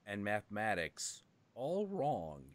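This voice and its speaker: Animated, swearing male stream host. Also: fairly low pitch, slow pace. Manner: animated, swears often, bursts into shouted impressions. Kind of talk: casual chat on a livestream.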